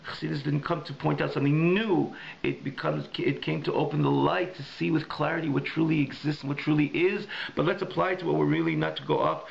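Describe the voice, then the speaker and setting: Gravelly rabbi teaching a class. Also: male voice, a little high, animated, muffled recording. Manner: weaves Hebrew and Yiddish terms into English, restating each phrase several ways; thinking aloud with frequent restarts and searching pauses. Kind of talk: recorded adult education class. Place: synagogue classroom.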